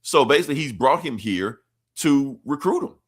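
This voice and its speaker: A man's voice: mid-range voice, animated, normal speed, slightly rough. A young adult man hosting a podcast, recapping a comic in a rambling, slangy, profane and offhand way. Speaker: podcast host.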